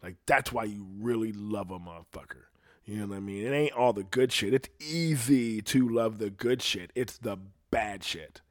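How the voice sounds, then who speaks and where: A man's voice: lowish voice, moderate pace. Rambling profane man hosting a solo podcast. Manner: loose, profane, rambling with many "you know what I mean". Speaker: podcast host.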